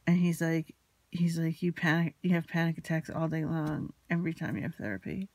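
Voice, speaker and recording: A woman recounts a painful day in a confessional, rambling way, anxious and still shaken. Her voice has a gravelly, creaky texture. The sound is dry and close, with no room around it. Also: deep voice, steady tone, fairly quick, a little mellow, dry recording. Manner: anxious, rambling, retelling a quarrel with quoted dialogue. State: emotionally shaken. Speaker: vlogger. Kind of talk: confessional personal storytelling.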